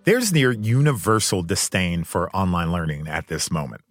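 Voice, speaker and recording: A man hosting a podcast, giving measured, earnest scripted narration. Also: low-pitched, lively intonation, faint music behind. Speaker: podcast host.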